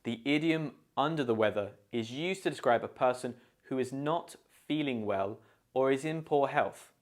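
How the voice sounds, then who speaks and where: A British man giving an English lesson from a script. He speaks at a middle pitch, slows down and lands hard on the stressed words to show how phrases sound. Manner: slow, deliberate modelling of pronunciation. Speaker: English teacher.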